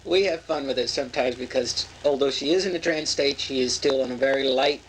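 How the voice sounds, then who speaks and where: An actress playing a giggly, theatrical trance medium who coaxes a spirit to speak in a comic séance. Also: female voice, very deep voice, fairly quick, slight background noise, rough recording. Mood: amused. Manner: animated, giggling, coaxing.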